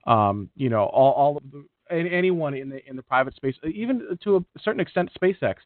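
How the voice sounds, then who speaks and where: A man's voice: mid-range voice, animated, fairly quick, no room sound. A man co-hosting a casual space podcast, chatty and rambling with lots of fillers. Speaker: podcast co-host. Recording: tinny phone-like line.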